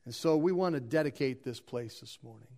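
A man preaching as pastor, moving between quiet asides and loud emphatic lines while leading a dedication. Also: medium pitch, fairly quick. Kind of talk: sermon and responsive reading.

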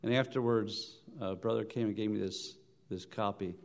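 A man preaching a sermon in church, telling stories with halting restarts, rising loud on his points and then dropping soft. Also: lowish voice, steady tone, creaky. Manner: halting restarts and repeated words.

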